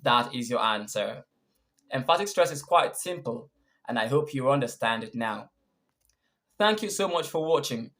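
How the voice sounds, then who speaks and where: A teacher walks a learner through English grammar examples in a patient, explaining tone. Stressed words jump out sharply, higher and louder than the surrounding talk. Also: expressive, moderate pace. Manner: lifts pitch and volume sharply on stressed words. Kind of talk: online grammar lesson.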